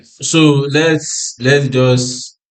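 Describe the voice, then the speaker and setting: A man's voice: medium pitch, steady tone, extremely slow. Tired man walking through trading charts. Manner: repetitive, restarts phrases, asks himself "what?" then answers. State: tired and yawning. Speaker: forex trading analyst. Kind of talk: screen-share chart walkthrough.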